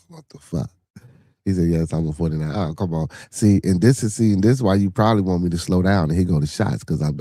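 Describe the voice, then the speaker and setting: This podcast host's voice sits low, warm with vocal fry and a breathy edge, and has no room sound. He's answering chat in loose livestream talk, rambling with frequent fillers and blunt profanity.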